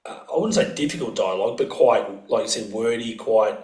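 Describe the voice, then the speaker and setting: A man's voice: lowish voice, fairly quick, darkish tone. Man, podcast co-host, hesitant, agreeable, echoey room. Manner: agreeable, hesitant, searches for words. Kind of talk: casual chat.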